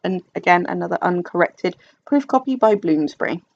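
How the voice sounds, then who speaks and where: A woman's voice: on the low side, expressive, moderate pace, creaky, a little mellow, lo-fi sound. A young woman from England chatting casually about books, rambling and self-deprecating with many fillers and restarts. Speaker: book vlogger. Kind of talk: casual chat. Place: dim room at home.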